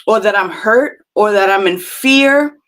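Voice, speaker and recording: Slow, reflective woman hosting a spiritual talk. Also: medium pitch, animated. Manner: gentle, reflective, many fillers and restarts. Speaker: host of a spiritual talk show. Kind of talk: live-stream talk, reading chat comments.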